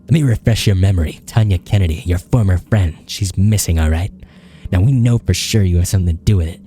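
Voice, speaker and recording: A man reading a blunt, deep-voiced cop. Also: quick pace, warm tone, close to an everyday voice. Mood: accusing. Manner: blunt, accusatory, pressing questions. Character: stern adult male police detective.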